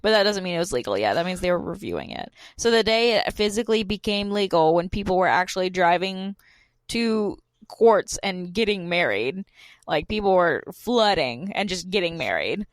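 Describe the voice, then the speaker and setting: A woman's voice: lowish voice, expressive, moderate pace, no echo. Chatty woman from Georgia. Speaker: podcast co-host. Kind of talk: casual podcast chat.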